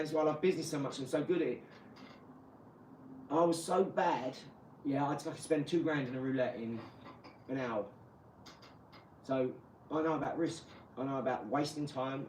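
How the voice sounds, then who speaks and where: A man's voice: fairly high pitch, darkish tone, slight background noise. A man ranting on a live stream, blunt, boastful and rambling. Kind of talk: casual live-stream rant. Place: garage. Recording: echoey garage, mic far off.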